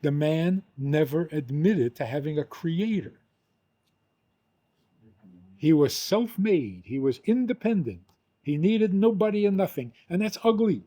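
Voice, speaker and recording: Older rabbi telling a story, slow and mellow. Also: male voice, fairly high pitch. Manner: animated storyteller, acts out quotes, laughs often. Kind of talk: teaching lecture with a story.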